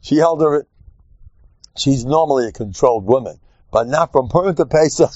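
A man's voice: normal speed, no echo. A man giving a humorous Torah lecture as a rabbi, joking and teasing as he teaches. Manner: animated, joking, acts out quotes in squeaky voices. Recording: dull, dry lo-fi recording.

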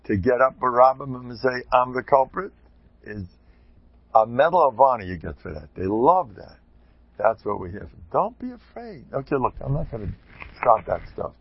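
A man giving an informal Torah talk, animated and digressive, with chuckling asides, on a dull lo-fi recording. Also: mid-range voice, normal speed, creaky, slightly rough, no room sound. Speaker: religious lecturer.

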